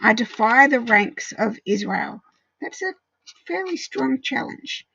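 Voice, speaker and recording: A woman teaching a Bible study in a casual way, walking through verses and explaining them with frequent pauses and ums. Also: a little high, lively intonation, creaky, sharp tone, slightly rough, muffled recording.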